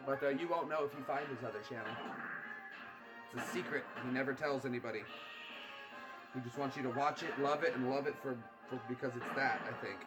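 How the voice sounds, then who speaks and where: A man's voice: medium pitch, a little fast, over loud music. A man co-hosting a game stream, chatting casually in a joking, rambling way. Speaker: co-host of a gaming channel. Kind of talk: casual chat over a game.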